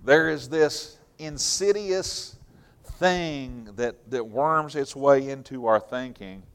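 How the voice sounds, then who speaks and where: A man preaching a sermon with earnest emphasis, swinging between loud and soft and chatting in asides. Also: mid-range voice, slow, clear, resonant tone.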